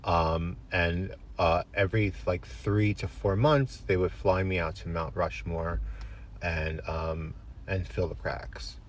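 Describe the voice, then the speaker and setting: A man telling an absurd comic story to camera in a deadpan, rambling way. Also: low voice, takes it slowly, slight background noise.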